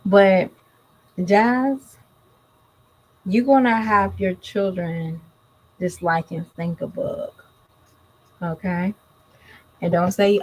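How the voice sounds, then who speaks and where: A woman's voice: lowish voice, steady tone, slow pace, pauses often, darkish tone, rough recording. A woman, giving blunt, scolding commentary straight to her viewers in a casual vlog. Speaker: commentary vlogger.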